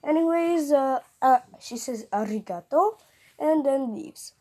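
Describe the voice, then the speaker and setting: A young woman improvising a fan-fiction story out loud, rambling with lots of fillers and self-corrections. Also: high-pitched, unhurried.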